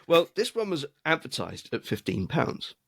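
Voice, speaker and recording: A man's voice: fairly high pitch, big pitch swings, moderate pace, gravelly, dry recording. Rambling man on a dry mic. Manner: rambling, self-amused storytelling. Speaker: podcast co-host. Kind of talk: casual chat.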